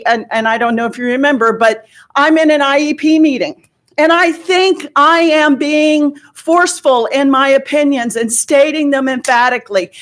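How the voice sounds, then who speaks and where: A middle-aged woman giving impassioned public testimony as a parent at a board meeting, pointed and full of rhetorical questions. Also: sits high.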